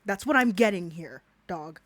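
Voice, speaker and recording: A woman's voice: lowish voice, lively intonation, moderate pace, fairly bright tone, slight background noise. A woman giving a profane reaction commentary, ranting angrily and swearing heavily. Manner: angry, ranting, heavy swearing.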